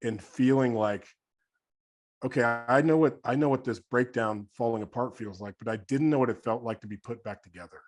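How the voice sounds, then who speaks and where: A man hosting a podcast, speaking in a reflective, heartfelt way with halting restarts. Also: medium pitch. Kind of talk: casual podcast conversation.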